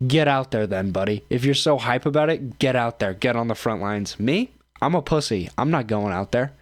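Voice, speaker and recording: A man rants through reaction commentary in a profane, rambling way, stumbling over fillers and restarts. His voice is mid-pitched, recorded close on a dry mic. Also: animated, normal speed, no room sound. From United States. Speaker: streamer and show host.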